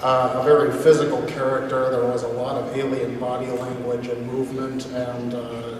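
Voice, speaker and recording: A man's voice: mid-range voice, monotone, normal speed, crowd noise. A man from Minnesota asking a panel a question, hesitant and formal in his wording. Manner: hesitant, formal, wordy phrasing. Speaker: audience member asking a question. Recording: echoey hall, mic heard from far.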